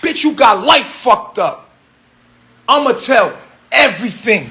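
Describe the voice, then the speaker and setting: A man in an emotional rant, furious and tearful, shouting profanity. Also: very high-pitched, animated, slow.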